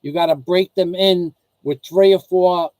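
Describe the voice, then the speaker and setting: Higher-voiced rambling American man. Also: steady tone, measured pace, darkish tone, dry recording, poor audio. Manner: repetitive, restarts sentences, acts out dialogue. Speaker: vlog host. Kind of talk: casual rambling rant to viewers and wife.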